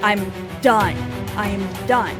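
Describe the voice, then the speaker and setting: A woman playing a cold, commanding king who talks down to everyone around him. The voice sits fairly high and pushes hard and loud on every order, with background music running underneath. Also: normal speed, lightly acted. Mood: domineering. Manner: loud, insistent, bullying.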